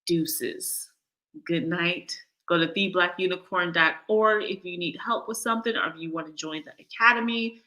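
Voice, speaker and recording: A woman's voice: on the low side, moderate pace, sharp tone, poor audio. A woman hosting a casual live stream, reading viewer chat aloud and answering in a brash, profane, playful way, laughing often. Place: living abroad, streaming live from home.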